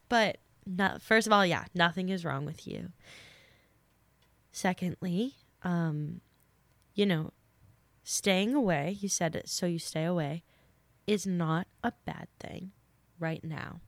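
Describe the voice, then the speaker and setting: Young woman podcast host, low voice, dry close sound, chatty, earnest, slightly sick. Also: slow pace, no echo. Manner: chatty, earnest, many fillers. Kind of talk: casual advice talk.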